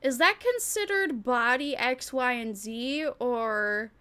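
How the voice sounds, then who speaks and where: A woman's voice: fairly high pitch, takes it slowly, bright, forceful tone, clean tone. A woman VTuber chatting casually on a livestream, rambling and thinking aloud with frequent giggles. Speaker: VTuber streamer.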